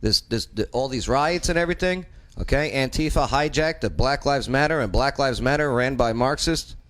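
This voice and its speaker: A man's voice: medium pitch, normal speed, a bit bright. A man hosting a casual political talk show, speaking emphatically and often talking over his co-hosts. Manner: emphatic, talks over others. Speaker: host, political commentator.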